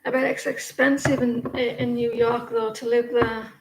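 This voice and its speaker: A woman chats through free card readings on a live stream, rambling from point to point and laughing easily. Her voice sits a little high, and the room around her rings with echo under a faint noise floor. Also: little pitch movement, measured pace. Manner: chatty, rambling, laughs often. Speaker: live stream tarot reader. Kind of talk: casual live stream chat.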